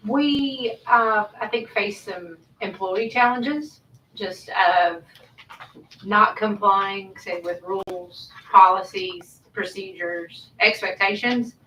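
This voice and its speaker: A woman from a waste contractor explains problems to a committee deliberately, pausing between points. Her voice is bright and a little low, picked up from a distance in an echoey room. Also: slight background noise. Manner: deliberate, listing. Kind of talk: explaining at meeting.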